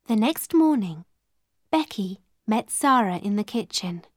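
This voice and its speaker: A woman reading a children's storybook aloud in a clear, measured way. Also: mid-range voice, animated, dry recording, clean studio sound. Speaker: narrator.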